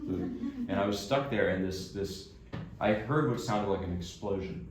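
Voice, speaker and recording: A New Jersey man who plays classical piano gives a recital talk in a concert hall, casually telling the audience a self-deprecating story. His voice sits lowish and moves at a moderate pace, chatty throughout. The recording is echoey, captured from far off, with background noise.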